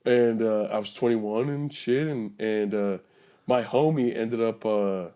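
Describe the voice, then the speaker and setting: A young man hosting a podcast, telling a story casually, acting out quotes loudly and swearing freely, recorded in a bedroom. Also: fairly low pitch, measured pace, clean tone. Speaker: podcast host.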